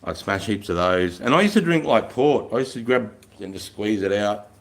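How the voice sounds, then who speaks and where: A middle-aged man with an Australian accent talks in a casual, rambling way, frank and full of swearing. His voice sits a little low, and he tells his stories like a veteran chatting to a live audience. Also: animated, moderate pace. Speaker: military veteran hosting a live stream. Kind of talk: casual storytelling chat.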